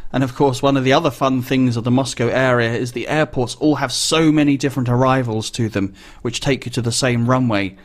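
With frequent thinking pauses, a man who flies business jets chats and explains in a dry-humored, easygoing way. His voice is mid-range.

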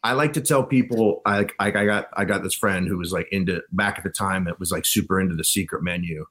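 A man's voice: deep voice, fast talker, fairly bright tone. A man guesting on a podcast, telling rambling anecdotes and laughing often in casual chat. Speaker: guest, band frontman.

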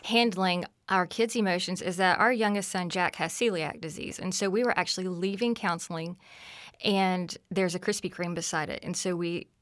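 A woman's voice: lowish voice, moderate pace, fairly bright tone, no room sound, clean studio sound. A woman in her forties, a podcast guest, telling stories about her children in an earnest, reflective way. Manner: earnest, reflective, acts out family dialogue. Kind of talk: conversational storytelling.

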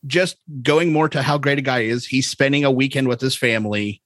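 A man's voice: mid-range voice, brisk, fairly bright tone, dry recording. American man, podcast co-host, loose joking ramble, dry close-miked sound. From United States. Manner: rambling, jokey, laughs often. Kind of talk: casual chat.

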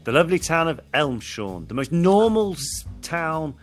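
A man's voice: fairly high pitch, sing-song, moderate pace, faint music behind. A man co-hosting a podcast, chatting casually with playful, mock-serious banter. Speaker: podcast co-host. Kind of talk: casual chat.

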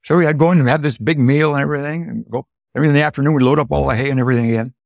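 A man's voice: medium pitch, very fast, vocal fry, dry recording. A man in his seventies from Illinois, a dairy farmer telling stories from his life, acting out the quoted voices. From Illinois, United States. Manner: animated storyteller, acts out quoted dialogue. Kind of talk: storytelling interview.

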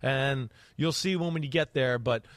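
A man hosting a sports podcast in casual chat, animated and acting out quarterback reads with sound effects. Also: mid-range voice, unhurried, no echo. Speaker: podcast host and quarterback analyst.

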